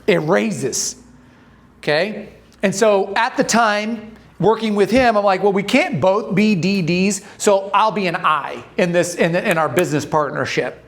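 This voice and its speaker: A man's voice: high voice, a little slow. A man giving a talk to an audience, telling stories, quizzing the crowd and acting out the voices in his stories. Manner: storytelling, asks the audience questions, acts out voices. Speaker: speaker training dental or medical teams.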